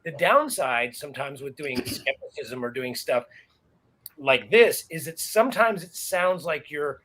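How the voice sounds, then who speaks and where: A man hosting a comedy panel, talking in rambling stretches and quoting people in quick bursts. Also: on the high side, animated, bright, forceful tone, a little hiss or hum. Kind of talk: casual panel discussion.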